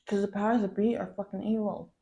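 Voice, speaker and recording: A woman's voice: mid-range voice, steady tone, fast talker, vocal fry, dark tone. A woman content creator venting in a POV girlfriend role-play, swearing often and calling the listener babe. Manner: profane, ranting, calls the listener babe.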